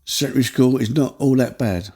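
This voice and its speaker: A man's voice: mid-range voice, a little fast, dark tone, breathy edge. A middle-aged man with a Cockney accent, co-hosting a casual podcast with his son and answering in short, agreeable replies. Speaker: co-host, father.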